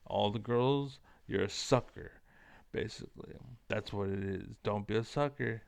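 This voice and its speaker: Guy going off on a rambling sweary rant, smooth clear voice, dead dry sound. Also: lowish voice, unhurried, dry recording. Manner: profane, rambling, combative, many fillers. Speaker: online commentator. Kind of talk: ranting monologue to camera.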